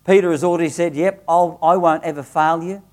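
Male preacher, fairly high-pitched, conversational sermon delivery with small restarts, reads scripture slowly and earnestly. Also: fairly even intonation. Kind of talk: sermon with Bible reading.

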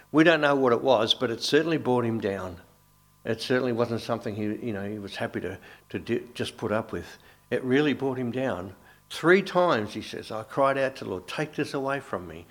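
Low-voiced conversational male preacher. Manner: conversational, with asides and restarts. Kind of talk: sermon.

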